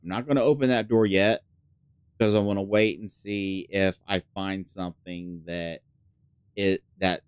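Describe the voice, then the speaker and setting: A man's voice: low-pitched, steady tone, unhurried, smooth, no room sound. A man casually commenting on a puzzle game as he plays, rambling with lots of fillers and the odd swear, sometimes dropping to a mutter. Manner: drops to a mutter when thinking aloud. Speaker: gaming channel host. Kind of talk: casual let's play commentary.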